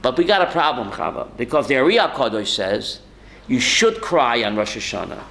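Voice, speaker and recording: A man's voice: medium pitch, sing-song, a little fast, gravelly, a bit bright, rough recording. A man, a rabbi, teaching a Torah class to students, calling on them by name and quoting Hebrew sources.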